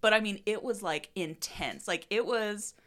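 A woman's voice: medium pitch, moderate pace, fairly bright tone. A woman in a casual chat, telling stories animatedly, swearing freely and saying "like" and "dude" a lot.

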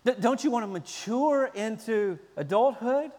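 A man preaching a sermon in an animated way, at times acting out shouting children. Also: high voice, moderate pace, long reverb tail. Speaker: pastor.

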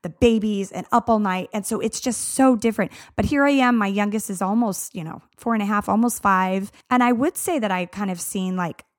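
A woman's voice: mid-range voice, fairly quick, few pauses. A woman in her thirties co-hosting a podcast, talking in a chatty, filler-heavy and giggly way. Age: 30s. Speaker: podcast co-host. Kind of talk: casual chat.

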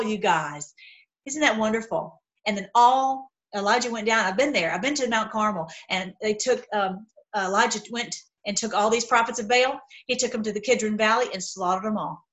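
A woman hosting an online video, retelling a story in an animated, emphatic way, often restarting her sentences. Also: fairly high pitch. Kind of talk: casual storytelling talk.

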